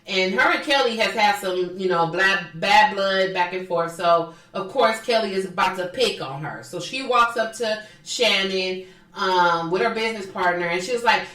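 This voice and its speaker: A woman co-hosting a casual podcast, gossiping about a reality show with plenty of swearing and quick impressions of the people she talks about. Her voice sits at a middle pitch. She is recorded off the mic in a room with a strong echo. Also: distant mic. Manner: animated, profane, mimics people in quotes. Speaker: podcast co-host. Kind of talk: casual chat recapping reality TV.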